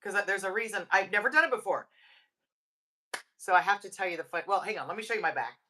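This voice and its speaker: A woman in her fifties co-hosts a casual chat, spinning a story with plenty of laughter. Her voice is bright and clear. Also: medium pitch, quick pace. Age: 50s. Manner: animated storyteller, laughs often. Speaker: podcast co-host.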